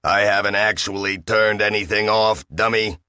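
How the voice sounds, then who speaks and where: A man voicing a bullying, smarmy talking machine, loud and peremptory with a slight accent. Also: fairly low pitch, fairly even intonation, moderate pace, smooth, no room sound, studio quality. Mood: bossy.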